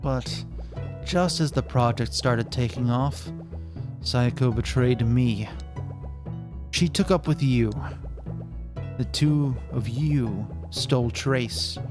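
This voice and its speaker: Casting: streamer voicing a cold, calm scientist villain for a mystery game; slow, unhurried lines. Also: male voice, mid-range voice, music in the background, natural voice. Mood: cold confession. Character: older male scientist, calm cold killer.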